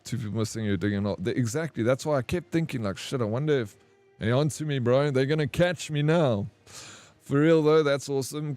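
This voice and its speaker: A man streaming a game, chatting with viewers and telling a long, rambling story in a relaxed, slangy way. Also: mid-range voice, dry recording. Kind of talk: casual chat while gaming.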